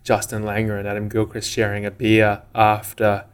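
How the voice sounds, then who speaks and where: A man's voice: lowish voice, monotone, normal speed, clear, resonant tone. An Australian man co-hosting a podcast, chatting casually and rambling with lots of "you know" and "um". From Western Australia. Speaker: podcast co-host. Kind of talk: casual chat.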